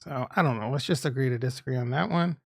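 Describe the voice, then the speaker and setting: A man's voice: medium pitch, fast, vocal fry. A man with a Boston accent, chatting casually on a livestream, rambling and swearing as he answers chat. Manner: rambling, profane, talks back to chat. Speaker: crypto streamer reading chat.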